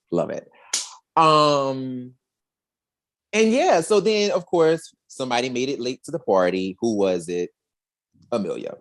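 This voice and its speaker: Woman co-host, low and slow, very lively retelling of scenes, casual podcast chat. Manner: animated, acts out scenes in exaggerated voices. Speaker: podcast co-host reviewing a show.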